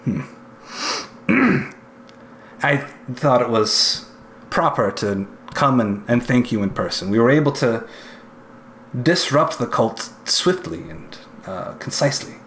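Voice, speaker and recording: A man voicing a stern, steely male inquisitor who speaks in a measured, formal, halting way. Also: medium pitch, animated, a bit bright, slight background noise.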